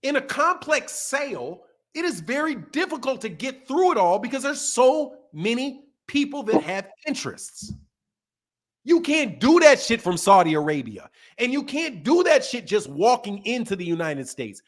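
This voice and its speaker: A man's voice: extremely high pitch, big pitch swings, normal speed. A man hosting a casual podcast, ranting emphatically and swearing a lot. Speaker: boxing channel host. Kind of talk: casual profane podcast rant.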